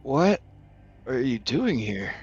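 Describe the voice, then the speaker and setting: A man's voice: medium pitch, slow pace, fairly bright tone, muffled recording, pitched above the performer's own voice. A man voicing a frightened goblin alchemist trapped in a tank, who stammers nervously. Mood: fearful.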